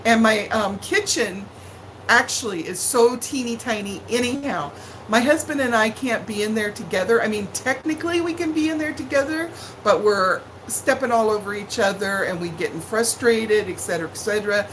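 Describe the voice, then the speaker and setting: A woman's voice: on the high side, normal speed, a bit bright, a little hiss or hum, low-quality recording. A middle-aged woman hosting a casual home livestream from her living room, chatting and greeting viewers by name with sing-song hellos. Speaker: livestream cooking host. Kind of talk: casual live-stream chat.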